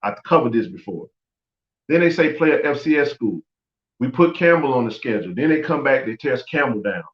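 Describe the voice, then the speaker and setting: A man's voice: mid-range voice, lively intonation, brisk. A man hosting a sports podcast, giving blunt, opinionated talk and repeating phrases for emphasis. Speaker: podcast host. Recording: echoey, dull lo-fi audio.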